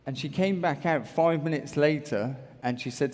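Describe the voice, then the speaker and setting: A man's voice: on the high side, normal speed, few pauses. Motivational speaker, male, from the UK, playful crowd banter, hall reverb. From United Kingdom. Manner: energetic, jokey, bantering with the crowd. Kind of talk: stage talk to a large audience. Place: large auditorium. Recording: echoey large hall.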